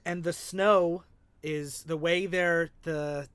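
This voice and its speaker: A man co-hosting a casual podcast, walking through a comic book story and slipping into the characters' lines as he goes. His voice sits a little high and comes across close and dry, with no room sound. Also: fairly even intonation, takes it slowly, fairly bright tone, clear, resonant tone, no echo. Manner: retells scenes and acts out quotes. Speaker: podcast co-host.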